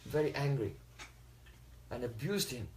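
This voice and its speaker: A man's voice: mid-range voice, animated, a little slow, darkish tone, slight background noise. A man telling a religious story in a talk, often checking in with his listeners. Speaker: spiritual teacher.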